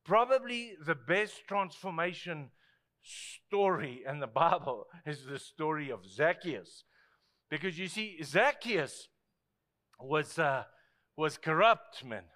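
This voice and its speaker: A male pastor with a South African accent preaching a sermon, lively and swinging between loud asides and hushed tones. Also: on the high side, slow pace. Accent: South African English.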